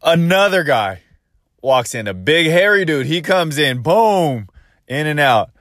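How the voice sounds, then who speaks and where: A man's voice: fairly high pitch, big pitch swings, measured pace, a bit bright. A man tells a casual first-person story in a slightly raised voice, rambling along and often restarting his sentences. He drops in his own inner thoughts as he goes. The sound is dry, with no room echo.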